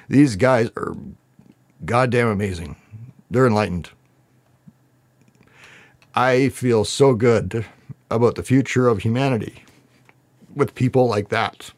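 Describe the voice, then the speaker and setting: A man's voice: medium pitch, a little slow, pauses often. A man talking to camera as he reacts to song lyrics, earnest, spiritual and emotional, laughing often as he speaks. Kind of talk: heartfelt lyric reaction commentary.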